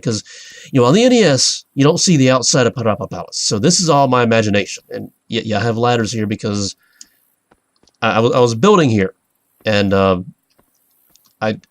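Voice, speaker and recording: A man hosting a let's play, giving rambling, excitable gameplay commentary. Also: medium pitch, no room sound. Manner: rambling, excitable, self-interrupting.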